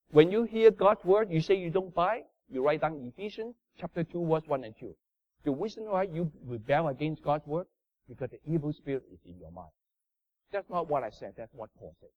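A man preaching a sermon in non-native English, emphatic, swinging from loud bursts down to low murmurs. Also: expressive, brisk, no echo. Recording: dull lo-fi sound.

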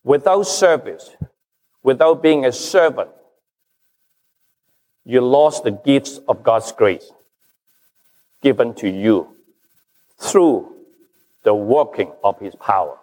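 A man preaching a sermon as pastor, slow and emphatic, his stresses rising and falling. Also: medium pitch, lively intonation, darkish tone. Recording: long reverb of a large hall.

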